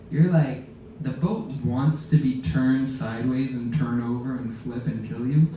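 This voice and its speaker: A man casually telling an animated sailing story to a live audience aboard a ship, laughing as he goes. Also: mid-range voice, highs cut off. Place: lounge aboard a ship, indoors. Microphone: phone camera in the audience. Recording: very echoey room, distant mic, faint background noise.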